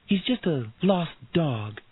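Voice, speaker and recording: A man's voice: fairly high pitch, very animated, slow, breathy edge, pitched above the performer's own voice, full character voice. A man putting on a cool, disdainful young woman. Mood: cold. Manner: sugary then icy, hard. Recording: tinny phone-like sound.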